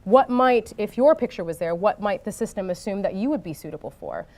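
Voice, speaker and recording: A woman's voice: mid-range voice, a little fast. Woman giving a conference talk, full of ums. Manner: frequent ums and uhs, animated when telling anecdotes. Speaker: conference speaker. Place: conference stage before an audience.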